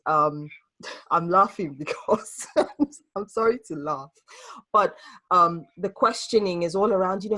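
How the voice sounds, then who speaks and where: A woman hosting a group discussion on a video call, talking earnestly and reflectively, sometimes pausing to find her words. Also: on the low side, pushed and bright. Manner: earnest and reflective, hesitant with restarts. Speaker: host leading a group discussion.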